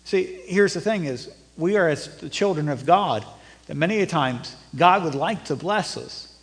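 A middle-aged male pastor preaching a sermon, rising to emphatic peaks and then dropping low and conversational. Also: animated, measured pace. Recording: long reverb of a church hall.

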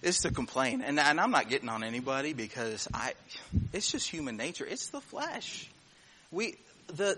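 A man preaching a sermon in a folksy storytelling way, acting out voices and dropping to a quiet, low tone for the serious points. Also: slight background noise. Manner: folksy storytelling, acts out voices, chuckles at own jokes; drops to a quiet, low voice when turning serious.

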